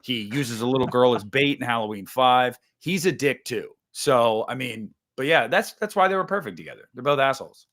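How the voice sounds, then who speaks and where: A man hosting a loose chat about horror movies. He talks with lots of swings in energy and swears freely. His voice sits at an ordinary pitch. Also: brisk, hardly any pauses. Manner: animated, swears freely, acts out scenes in exaggerated voices. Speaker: podcast host. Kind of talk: casual movie discussion.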